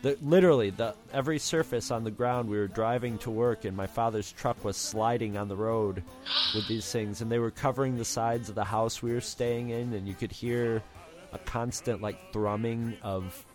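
A man's voice: mid-range voice, steady tone, moderate pace, darkish tone, faint music behind. A man co-hosting an anime podcast, chatting casually and telling rambling anecdotes. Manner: rambling storyteller who mimics folksy drawls. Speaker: podcast co-host. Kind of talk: casual chat.

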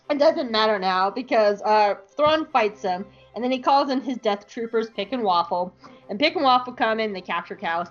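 A young woman co-hosting a podcast, telling a comedic fan-fiction story with giggles and swearing. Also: medium pitch. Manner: giggly, profane, animated storyteller. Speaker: podcast co-host. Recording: muffled podcast audio, faint music.

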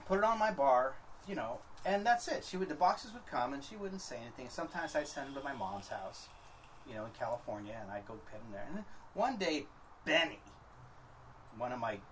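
Animated New York man telling a story. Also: mid-range voice, quick pace, recorded from a distance, slight background noise, low-quality recording. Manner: animated storyteller, acts out quotes. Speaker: guest. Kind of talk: casual chat. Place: outdoor flea market.

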